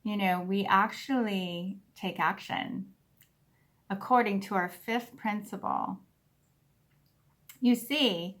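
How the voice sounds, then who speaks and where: During an online recording of a spiritual service, a woman with a mid-range voice gives a sermon and guides the congregation through a laughter meditation. She is slow and earnest, then bursts into loud whoops and laughter.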